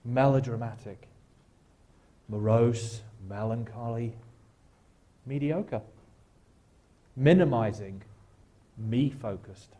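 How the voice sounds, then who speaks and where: A guest speaker at a church, a man, talks his listeners through a slow reflective exercise. His voice is mellow and dark, with a wry, gentle humor at a middling pitch. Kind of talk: guided reflection talk at church. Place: church sanctuary.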